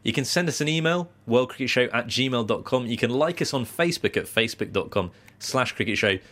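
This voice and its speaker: A man's voice: mid-range voice, animated, brisk, fairly bright tone. A man co-hosting a podcast in casual chat, jokey and laughing often. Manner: jokey, laughs often, does silly voices. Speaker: podcast co-host.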